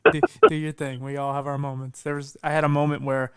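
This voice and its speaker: A man's voice: mid-range voice, flat delivery, quick pace, fairly bright tone, smooth, no room sound, clean studio sound. A man hosting a podcast interview, chatting casually in a rambling way with many fillers. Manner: rambling, filler-heavy storytelling. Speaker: podcast host.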